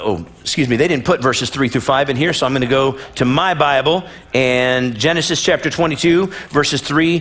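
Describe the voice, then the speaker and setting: A middle-aged man preaching a sermon in a church, his voice sitting a little high for a man. He reads scripture aloud and slips into playful, animated voices to act out the story. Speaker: pastor.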